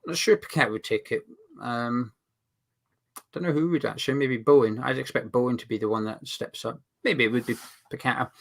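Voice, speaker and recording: A man co-hosts a casual watch-along for a football fan channel, rambling slightly while reading out viewer comments. His voice is mid-range and gravelly, and he talks briskly.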